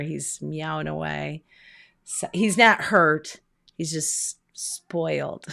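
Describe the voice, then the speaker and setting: Speaking from home in a lowish, creaky voice, a female business coach delivers an upbeat online pep talk. Her style is lively and chatty, full of rapid rhetorical questions.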